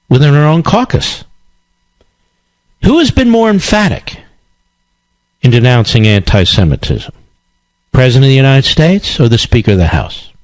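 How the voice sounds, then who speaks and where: A man's voice: medium pitch, no room sound, rough recording. A male radio talk show host delivering a combative, sarcastic political monologue with emphatic repetition.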